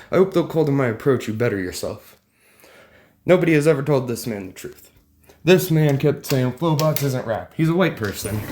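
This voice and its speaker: A man ranting in a political vlog, combative and mocking, loose and rambling with some swearing. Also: mid-range voice. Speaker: vlogger.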